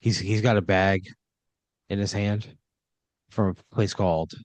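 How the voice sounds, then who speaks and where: A man's voice: fairly low pitch, measured pace, no room sound. Laid-back man narrating an improvised story. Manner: laid-back, deadpan, lots of filler. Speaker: game master.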